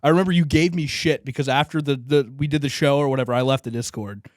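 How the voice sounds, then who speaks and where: A young man co-hosting a podcast, telling stories in a relaxed, joking casual chat. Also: medium pitch, quick pace, dry recording, clean studio sound. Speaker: podcast co-host. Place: small room, podcast setup.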